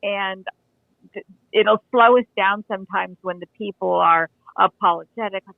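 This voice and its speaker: A woman's voice: medium pitch, steady tone, normal speed, gravelly, no echo. A woman in her forties, an animal communicator, chatting in an interview and telling stories with frequent restarts. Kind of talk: casual interview chat. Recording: tinny dry phone-line audio.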